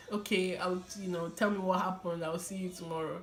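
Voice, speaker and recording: A woman's voice: on the low side, a little fast, soft background music. Young woman telling her testimony, echoey room. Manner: animated, laughs often, many fillers. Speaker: vlogger sharing her testimony. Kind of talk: casual personal storytelling.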